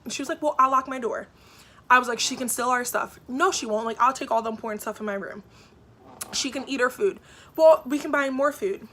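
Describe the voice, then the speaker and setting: A woman's voice: high voice, fairly quick. Chatty young woman telling a storytime. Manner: animated retelling with lots of "like", acting out quotes. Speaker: vlogger. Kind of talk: storytime vlog.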